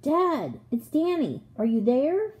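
A woman reading the part of a young boy who calls out for his lost father in high, pleading tones. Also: expressive, moderate pace, mellow.

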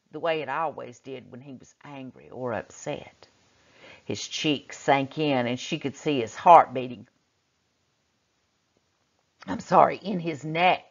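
A woman teacher reading a chapter book aloud to children, expressively, and pausing to ask them questions. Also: low-pitched. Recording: muffled lo-fi recording.

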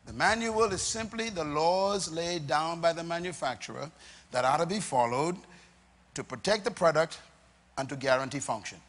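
A Bahamian man preaching a sermon, asking the crowd questions and answering them, dropping soft and then rising to loud emphatic lines. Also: fairly high pitch, normal speed, big-room sound. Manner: emphatic, call-and-response questions, swings between soft and loud.

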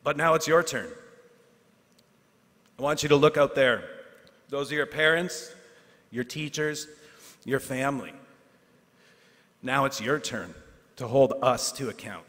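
A man, a teacher giving a graduation speech, earnest and self-deprecating, with asides and pauses for effect. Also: medium pitch, a bit bright. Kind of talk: ceremonial speech. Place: large hall at a ceremony. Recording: hall reverb.

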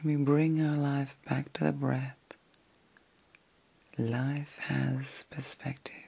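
A middle-aged woman hosts a whispered ASMR vlog from her bed at night, her voice a husky, breathy hush. Beneath the whisper there is a heavy gravelly fry. She speaks slowly and reflectively, in a soothing way. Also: a bass voice, little pitch movement. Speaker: ASMR host.

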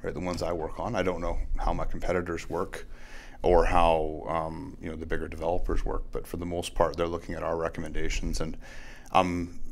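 Deep voiced realtor guy on a podcast, chatty, lots of "like" and "right?". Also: completely flat delivery, fairly quick, gravelly, slight background noise. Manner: conversational, fills with "like" and "right?". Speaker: realtor and marketing company CEO, podcast guest. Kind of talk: casual interview talk.

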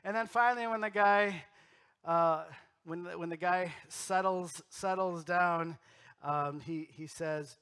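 Bright high-voiced preaching man. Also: slow, smooth. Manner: storytelling, swings between loud emphasis and quiet. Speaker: pastor. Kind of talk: sermon. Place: church sanctuary.

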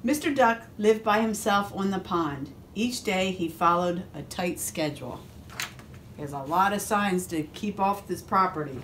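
A woman police officer reads a picture book aloud to young children, slow and steady. She leans into the story with lively, expressive delivery and chatty asides. A faint hiss runs under the recording. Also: lowish voice.

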